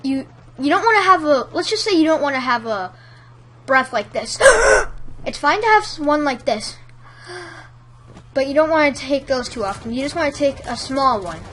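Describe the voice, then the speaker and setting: A woman's voice: high-pitched, sing-song, a little fast, noisy background. A woman giving casual tutorial tips in a chatty, rambling way, full of fillers. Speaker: YouTube commentator giving tips.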